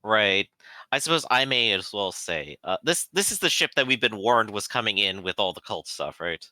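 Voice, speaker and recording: A man playing a tabletop game, speaking in a measured, formal way. His tone is very bright and sharp, and his pitch moves widely. The sound is dry. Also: expressive, no echo. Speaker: player.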